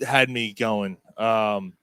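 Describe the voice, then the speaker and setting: Speaking extremely slowly in a smooth, lowish voice with no room sound, a man co-hosts a crude, casual sports podcast from a bar or pub studio. He tells animated stories, swearing plenty and acting out screams.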